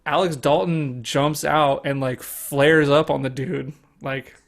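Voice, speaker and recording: A man's voice: a little high, steady tone, slow pace, creaky. A young man hosting a podcast, telling a story in a loose, rambling way, full of "like" and swearing. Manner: rambling, lots of "like", swears freely. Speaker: podcast host. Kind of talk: casual storytelling chat.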